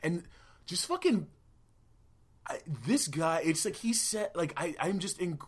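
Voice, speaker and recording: A young man co-hosting a podcast in brash, profane, excitable casual chat. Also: high voice, unhurried, breathy edge. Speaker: podcast co-host.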